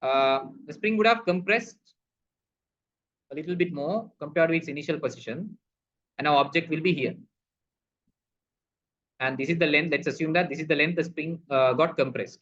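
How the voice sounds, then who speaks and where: A male physics teacher with a slightly high, somewhat bright voice works through a problem at a normal speed, pausing often, posing questions and answering them himself while addressing the students as "people." The recorded lesson has a dull, lo-fi sound.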